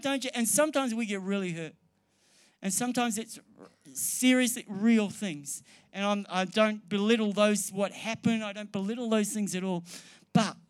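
Preacher mid-sermon before a live room; earnest, repetitive for emphasis, light humor with the crowd. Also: mid-range voice. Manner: earnest, repeats key phrases for emphasis. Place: church hall or meeting room with an audience.

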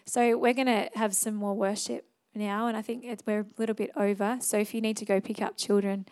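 A young adult woman preaching a sermon in an earnest, conversational way, moving into a quiet prayer and altar call. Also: mid-range voice, flat delivery, fairly quick. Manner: earnest, conversational, fillers and restarts.

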